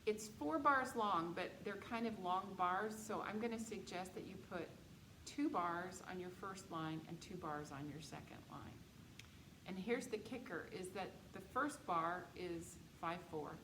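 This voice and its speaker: A woman teaching a music theory lecture, patiently explaining dictation exercises and counting beats aloud. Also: fairly low pitch. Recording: echoey room with background noise.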